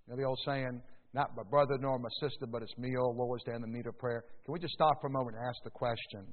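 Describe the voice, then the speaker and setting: A male pastor preaching a sermon, with sudden loud rises and slow stressed words. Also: mid-range voice, steady tone. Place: church sanctuary. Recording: echoey hall, tinny phone-like sound.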